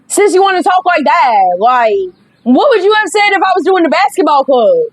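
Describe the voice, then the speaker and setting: A woman's voice: very high-pitched, big pitch swings, measured pace, long pauses, dry recording, low-quality recording. A young woman giving chatty, sassy commentary while she plays a dating game. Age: young adult. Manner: chatty, sassy, reacting aloud. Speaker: gaming streamer. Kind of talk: casual gameplay commentary.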